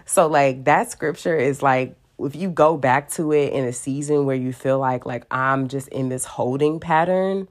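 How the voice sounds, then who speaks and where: A woman's voice: very deep voice, normal speed, hardly any pauses. A woman giving a casual, playful Bible talk full of fillers and asides. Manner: chatty and playful, many fillers, acts out voices. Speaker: Bible teacher. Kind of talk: casual devotional teaching.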